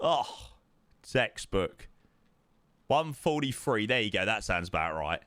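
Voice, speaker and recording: A man's voice: lowish voice, sing-song, slow pace, fairly bright tone, clean tone, no echo. A young man streaming live, chatting casually in a rambling way with sighs and yawns, tired. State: tired, yawning. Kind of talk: casual chat.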